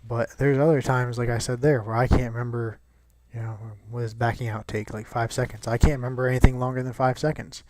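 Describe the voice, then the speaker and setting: A man's voice: medium pitch, level tone, fairly quick, few pauses, a little mellow, no echo. A young man chatting casually over gameplay, rambling and swearing with lots of restarts. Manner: rambling and profane, many restarts.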